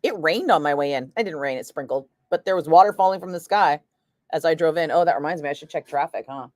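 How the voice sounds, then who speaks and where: A woman's voice: low voice, fast, darkish tone, dry recording. A woman chatting casually on a livestream, reading viewer comments in a wry, chatty way that slips into swearing, tired from a migraine. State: battling a migraine. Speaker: radio host streaming live chat.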